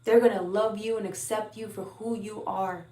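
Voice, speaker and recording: A woman's voice: mid-range voice, fairly even intonation, moderate pace, mellow, distant mic. Earnest woman tarot reader in an echoey room. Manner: earnest, heartfelt, repeats words, swears now and then. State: emotional at times. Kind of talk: spiritual tarot reading to viewers.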